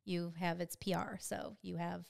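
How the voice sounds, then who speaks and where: A middle-aged woman chatting casually with her daughter, relaxed and rambling, often trailing off. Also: lowish voice, normal speed, creaky. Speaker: guest. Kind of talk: casual chat.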